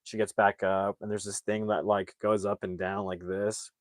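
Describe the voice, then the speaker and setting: A man with a fairly low voice walks through a film's plot in a loose, rambling way, packing in fillers. The sound is dry and close, with no room behind him. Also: little pitch movement, normal speed, no echo. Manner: rambling, filler-heavy, acts out quotes. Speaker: movie reviewer. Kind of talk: casual plot retelling.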